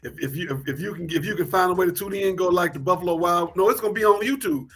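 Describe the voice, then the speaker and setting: A man's voice: high voice, quick pace, a bit bright, breathy edge. A man co-hosting a casual sports talk show, loose and repetitive, laughing easily as he talks picks.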